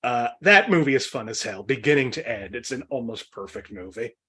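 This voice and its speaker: Male game show host, Boston accent, lively up-and-down delivery, rambling with fillers. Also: mid-range voice, fairly quick, breathy edge. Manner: rambling, laughs often, many fillers. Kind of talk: casual comedic game show banter.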